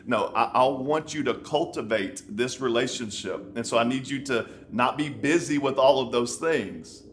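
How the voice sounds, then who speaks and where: A man quoting his wife, firm and calm. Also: mid-range voice, normal speed, slight background noise, natural voice. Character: his wife gently refusing distractions.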